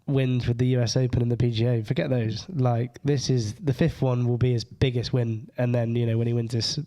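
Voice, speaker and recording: A man co-hosting a podcast in casual chat, rambling and repeating quick agreements. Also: medium pitch, level tone, mellow. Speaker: podcast co-host.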